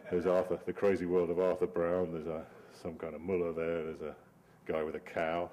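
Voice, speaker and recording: A man in middle age talks his audience through slides in a loose, rambling way. His voice sits low, and he breaks into wry laughs at his own jokes. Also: completely flat delivery, normal speed, dark tone. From Britain. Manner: wry, digressive, laughs often. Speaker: cartoonist giving a talk. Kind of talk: informal talk over slides.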